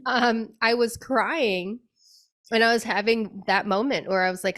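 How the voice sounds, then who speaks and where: A woman's voice: mid-range voice, little pitch movement, unhurried, fairly bright tone. A woman being interviewed on a podcast as a spirit medium, telling a personal story in a chatty way, often saying "like" and acting out her own past words.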